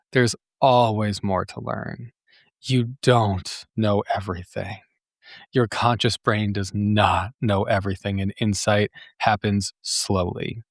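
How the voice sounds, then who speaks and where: A man's voice: medium pitch, dry recording, clean studio sound. A man hosting a solo therapy podcast, talking in a thoughtful, reflective way with frequent fillers. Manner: thoughtful, with frequent fillers and acted self-talk.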